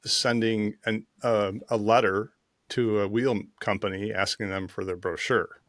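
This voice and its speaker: A man's voice: on the low side, steady tone, a little slow, a bit bright, dry recording. Easygoing male podcast host, dry sound. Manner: easygoing, filler-laden questions. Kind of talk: casual interview chat.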